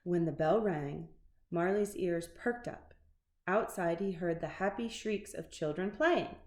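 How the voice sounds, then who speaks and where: Brief: woman narrating a kids' picture book, very slow and expressive, echoey room. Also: fairly low pitch. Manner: expressive, unhurried storytelling. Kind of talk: reading a children's picture book aloud. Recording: roomy echo.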